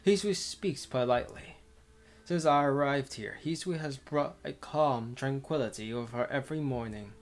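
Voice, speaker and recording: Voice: medium pitch, normal speed, soft background music. Giggly casual visual novel reader. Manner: casual and giggly, stumbles and restarts while reading. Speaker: game streamer reading a visual novel aloud. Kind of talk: casual visual novel read-through with commentary.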